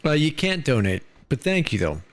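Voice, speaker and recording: Casual American male streamer, slightly higher voice, loose rambling delivery. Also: very animated, moderate pace, dry recording. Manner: loose and rambling, lots of "dude" and "like". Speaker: live streamer. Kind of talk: casual live-stream chat.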